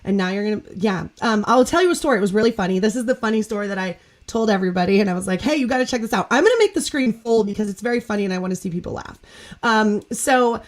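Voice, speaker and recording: A woman's voice: mid-range voice, lively intonation, fast talker. A woman hosting a casual podcast chat over a video call, telling a story in a bubbly, gushing way and laughing often. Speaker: podcast host.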